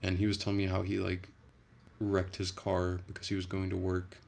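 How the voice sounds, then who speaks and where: A man's voice: low voice, monotone, moderate pace, vocal fry, a little mellow. A man chatting casually on a livestream, rambling and profane, with frequent restarts.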